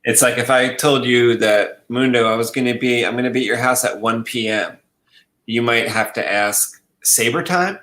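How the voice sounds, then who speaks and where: A relaxed man hosts a casual chat and makes up goofy phrases. His voice rings a little in a roomy space. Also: medium pitch, moderate pace. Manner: playful, laid-back, coins silly phrases. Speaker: host.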